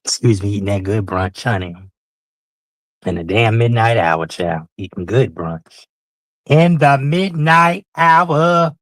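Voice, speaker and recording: A man's voice: low voice, a little slow, dry recording. A man hosting a casual livestream, talking in a sassy, drawling way and calling his listeners honey and child. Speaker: livestream host.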